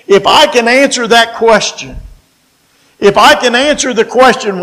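A man with a West Virginian accent preaching a sermon, folksy and emphatic, slowing down to stress key phrases. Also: very high-pitched, a bit bright, low-quality recording.

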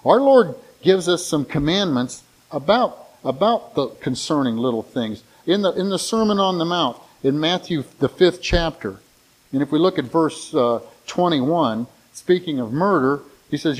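An older man preaching a sermon in a conversational way, retelling stories with lively restarts. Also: fairly high pitch, normal speed, low-quality recording.

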